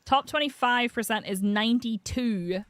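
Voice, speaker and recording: A woman's voice: on the high side, moderate pace, fairly bright tone, no echo. A woman live-streaming a video game, chatting casually and reading out chat messages with frequent laughs. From United Kingdom. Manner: chatty, giggly, reads chat aloud.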